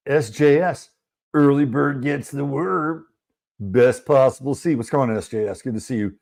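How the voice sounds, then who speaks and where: A man's voice: mid-range voice, a little mellow. A man hosting a casual livestream, chatting loosely and greeting viewers in the chat one by one. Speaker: livestream host.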